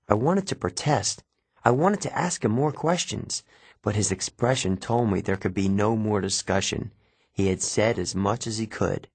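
A man reading scripted first-person narration for an audiobook, steady. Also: on the low side, moderate pace, slightly rough, no room sound. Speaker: audiobook reader.

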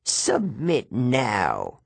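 A menacing female Fury with a Southern drawl, as a man puts her on, drawing each threat out slowly. Her voice has a husky grain and sits dry and close, as in a storybook reading. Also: mid-range voice, wildly swooping pitch, dry recording, heavily acted. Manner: slow, drawn-out, threatening. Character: menacing female Fury, demon in teacher form.

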